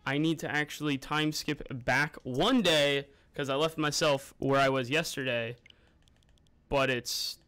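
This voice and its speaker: A man's voice: fairly high pitch, fairly even intonation, unhurried, sharp tone, smooth. A young man streaming a game live, chatting casually and greeting viewers by name as he plays and eats. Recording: music playing underneath.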